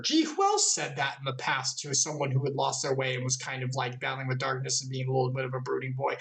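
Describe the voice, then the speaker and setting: A woman's voice: extremely low pitch, fast, few pauses. A woman hosting a game lore recap, enthusiastic and playful, often laughing at her own jokes. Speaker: video game lore channel host.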